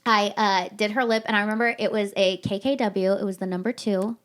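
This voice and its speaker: A woman's voice: mid-range voice, a little fast. A woman hosting a casual chat, telling dramatic stories with lots of swearing. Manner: animated, dramatic storytelling, swears often. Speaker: podcast host.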